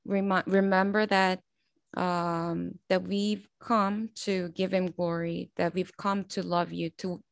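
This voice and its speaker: Halting woman sharing a faith reflection. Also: medium pitch, no echo. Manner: halting, with many fillers and restarts. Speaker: prayer group member sharing a meditation. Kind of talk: spoken faith reflection with a read excerpt.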